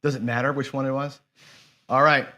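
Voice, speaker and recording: A man's voice: medium pitch, little pitch movement, fairly quick, pushed and bright. A man hosting a live dice-game stream, muttering and swearing in frustration as he talks to his viewers. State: dejected after a loss. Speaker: host of a live craps stream.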